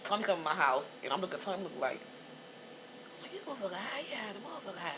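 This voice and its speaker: A middle-aged woman chatting in a hair salon, telling animated stories, cussing freely and shouting out quotes. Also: medium pitch, racing. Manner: animated storyteller, cusses freely, loud excited quotes. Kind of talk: casual chat. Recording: noisy background.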